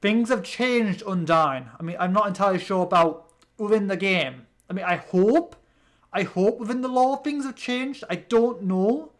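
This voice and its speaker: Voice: medium pitch, normal speed. A British let's play host giving casual gameplay commentary, rambling with many restarts.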